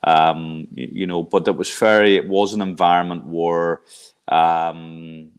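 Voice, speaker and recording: A man's voice: low-pitched, flat delivery, unhurried, smooth. A middle-aged man from Ireland, a college coach, talking things over reflectively with lots of fillers and restarts. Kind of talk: casual interview talk.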